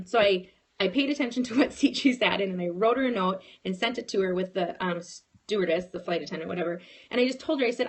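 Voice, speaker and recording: Animated woman giving a pep talk. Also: mid-range voice, fast talker. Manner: animated, storytelling, frequent restarts. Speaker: network marketing team leader. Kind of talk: motivational casual talk.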